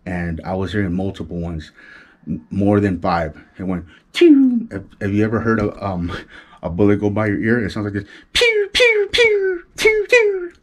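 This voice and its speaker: Fairly quick and a little mellow, his low, steady voice carries a Chicano Los Angeles accent. The middle-aged vlogger tells a street story in casual slang, mimics gunshots with his mouth, and speaks quietly to keep from waking his wife.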